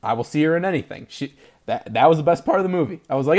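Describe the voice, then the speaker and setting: A man's voice: fairly high pitch, racing, gravelly, darkish tone. Man, podcast co-host, casual movie chat, laughs often, self-deprecating.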